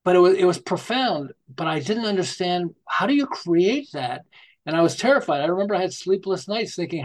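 Older man, from Canada, higher pitch, rambling storyteller, podcast guest. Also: brisk. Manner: rambling, animated anecdotes with restarts. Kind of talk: casual interview storytelling.

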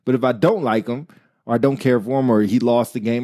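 A man's voice: medium pitch, fairly quick, dry recording, clean studio sound. A man co-hosting a casual talk show, chatting animatedly and acting out quoted remarks as he makes his points. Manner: animated, talks through examples with quoted asides. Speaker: podcast co-host. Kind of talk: casual chat.

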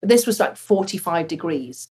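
Breathy woman telling flying stories. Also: lowish voice, normal speed. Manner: animated, laughs while telling stories. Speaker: former fighter pilot guest. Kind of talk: casual interview storytelling.

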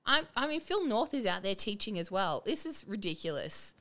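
A woman's voice: medium pitch, big pitch swings, normal speed, sharp tone. A woman co-hosting a podcast, chatting casually and animatedly as she recaps a TV show and quotes its characters. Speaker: podcast co-host.

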